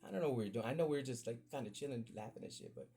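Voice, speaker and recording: A man with a gravelly, husky voice rambles through stories on a casual podcast. His pitch jumps around a lot as he acts out what other people said. He swears freely and keeps circling back to his point. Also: racing. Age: adult with children. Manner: rambling, profane, animated, acts out quotes. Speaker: podcast host. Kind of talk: casual storytelling.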